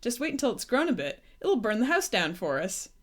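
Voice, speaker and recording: A woman's voice: fairly high pitch, very animated, fairly quick. Snappy sarcastic little girl creature, woman reader. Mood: snappish. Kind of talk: storybook read-aloud.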